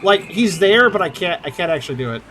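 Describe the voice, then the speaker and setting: A gamer provides chatty let's-play commentary in a high, animated voice, talking fast. He swears, jokes and laughs easily as he plays.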